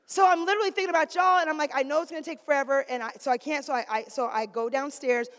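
A middle-aged woman preaching a sermon, swinging from shouted exhortation to quiet, chatty storytelling. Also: high-pitched, steady tone, very fast. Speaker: preacher, pastor's wife. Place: church sanctuary. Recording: long reverb of a church hall.

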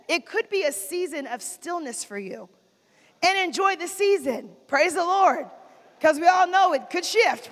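Woman, preacher, sermon, call-and-response, high voice, church, long hall reverb. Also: expressive, moderate pace. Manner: call-and-response, repeats lines for emphasis.

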